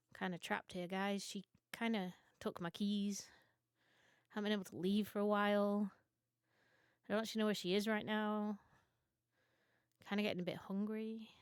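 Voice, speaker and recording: A young woman from Britain telling absurd mock confessions to her stream audience in a deadpan, mock-serious way. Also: mid-range voice, clean tone, dry recording. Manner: mock-serious storytelling, dry absurd humor. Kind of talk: deadpan comedic monologue.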